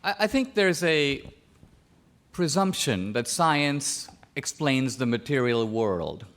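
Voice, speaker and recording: A man from India arguing a point in a formal debate, measured and pointed, pressing his opponent with questions. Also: medium pitch, expressive, a bit bright. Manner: measured, pointed, cross-examining. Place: debate stage in a large hall.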